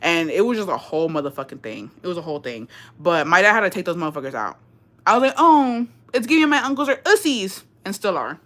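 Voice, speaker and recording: A young woman livestreaming, telling a story to her viewers in an animated, profanity-laden way and slipping in Spanish phrases. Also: sits low, fast.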